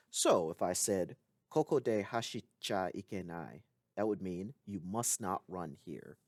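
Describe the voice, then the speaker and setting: A man explains a lesson in clear, patient steps, his fairly low voice rising and falling with plenty of movement. The sound is close and dry, with no room around it. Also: no room sound. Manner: clear explanatory teaching with occasional asides. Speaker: language teacher. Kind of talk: recorded language lesson.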